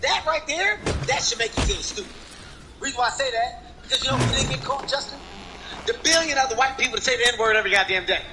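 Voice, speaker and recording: Brief: man impersonating a yelling, foul-mouthed roast comic, very high and bouncy, buried in heavy noise. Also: animated, fast. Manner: brash, shouting, profane roast delivery. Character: impression of a loud male celebrity comedian roasting. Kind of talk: stand-up roast impression. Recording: loud background noise.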